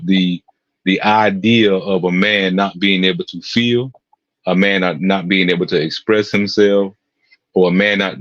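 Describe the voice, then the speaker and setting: A man's voice: fairly low pitch, no echo. An older man in casual chat, speaking earnestly and with emphasis, often repeating himself. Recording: muffled dry sound.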